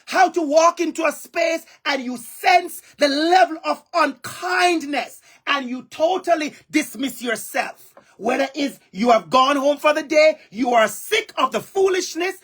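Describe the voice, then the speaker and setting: A man's voice: very high voice, lively intonation, a little slow, fairly bright tone. A man with a Jamaican accent gives an impassioned keynote speech over a video call, using emphatic repetition. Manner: emphatic, repeats phrases for emphasis. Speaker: keynote speaker.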